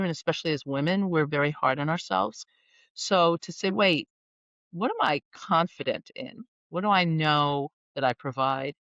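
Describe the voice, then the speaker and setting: Animated woman coach, muffled dry sound. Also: fairly low pitch, no echo. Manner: animated, playful, wordy. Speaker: guest executive coach. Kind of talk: conversational podcast interview.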